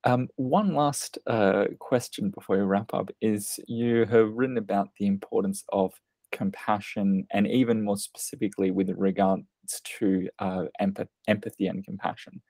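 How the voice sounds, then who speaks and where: A man hosting an interview and asking polite, measured questions. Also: fairly low pitch, steady tone, a little mellow, no echo. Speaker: interview host.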